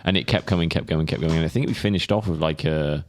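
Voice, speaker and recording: A man co-hosting a podcast, telling stories in quick, chatty bursts. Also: rumbling low. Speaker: podcast co-host. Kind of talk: casual chat.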